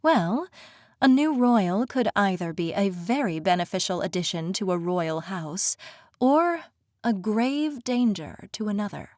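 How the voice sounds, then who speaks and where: A woman voicing a composed, formal fae queen in an audiobook, speaking in a measured, courtly manner. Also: mid-range voice, animated, a little mellow, no room sound, studio quality, close to an everyday voice. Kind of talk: audiobook character voice.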